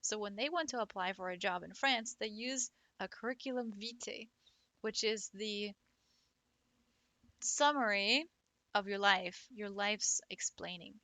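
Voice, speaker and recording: A woman's voice: mid-range voice, unhurried, pushed and bright, dry recording. A woman who teaches French, chatting casually on a livestream, giggling often and swearing offhandedly. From United States.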